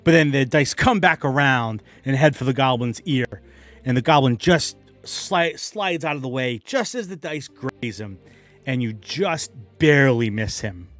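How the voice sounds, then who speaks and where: A man's voice: mid-range voice, animated, moderate pace, fairly bright tone, faint music behind. A man narrating a tabletop game as game master, playful and dramatic with some self-mocking asides.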